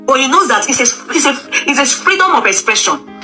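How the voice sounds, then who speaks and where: A woman's voice: sits high, big pitch swings, fast, pushed and bright, soft background music. A Nigerian woman commenting on current affairs in a casual, emphatic way, repeating herself, hesitating often and slipping into Pidgin. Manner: emphatic, repetitive, with Pidgin asides and frequent hesitations. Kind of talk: casual opinion talk.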